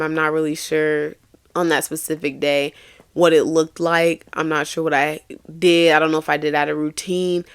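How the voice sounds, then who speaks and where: A woman's voice: sits low, clear, resonant tone, no room sound. A young woman hosting a faith-based podcast, telling a personal story in an earnest, confessional way, often restarting her sentences. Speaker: podcast host.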